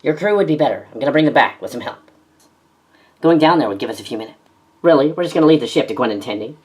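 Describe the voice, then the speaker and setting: Woman with a deep voice, reads every part of a fan drama, sarcastic and melodramatic. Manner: quick-switching, sarcastic, melodramatic. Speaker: narrator and voice actor. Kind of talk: fan audio drama, reading many parts.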